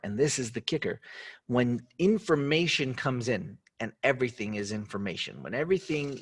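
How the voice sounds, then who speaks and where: A man's voice: medium pitch, a bit bright, slightly rough. A man hosting a motivational talk, upbeat and conversational, asking the listener many questions. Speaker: host.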